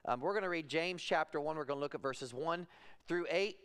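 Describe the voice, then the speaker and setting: A man in his forties preaching a sermon in a church, telling personal stories in a conversational way that moves from soft to emphatic. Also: a little high, brisk, clear, resonant tone. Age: 40s. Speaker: pastor. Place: church sanctuary.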